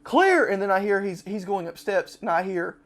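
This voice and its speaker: High-voiced man telling a story. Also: a little fast. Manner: animated, acts out quotes with loud shouts. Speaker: podcast host. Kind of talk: casual storytelling.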